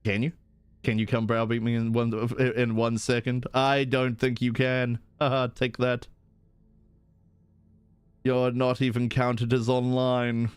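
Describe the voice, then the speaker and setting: A man streaming from home, chatting excitedly with viewers in a rambling way, often jumping up into high-pitched bursts. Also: a little slow, smooth, dry recording. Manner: rambling with restarts. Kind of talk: live-stream chat while gaming.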